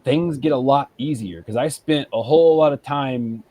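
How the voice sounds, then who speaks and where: A man's voice: mid-range voice, moderate pace, dark tone. Rambling, reflective man co-hosting a podcast. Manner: rambling, reflective, lots of fillers. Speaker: podcast co-host. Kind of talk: casual chat.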